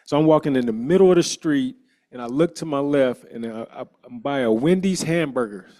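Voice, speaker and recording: A man on a discussion panel, a former professional football player, telling a lively personal story in casual slang. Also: mid-range voice, fairly quick. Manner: animated storyteller, acts out quoted dialogue, casual slang.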